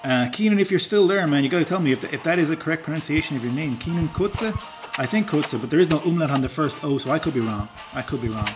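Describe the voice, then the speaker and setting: A man's voice: a little high, racing, hardly any pauses, over music. A man with a rural Irish accent, chatting casually on a live stream while playing a game, rambling with fillers and chuckling at himself. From Ireland. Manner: rambling and self-deprecating, with filler words and chuckles.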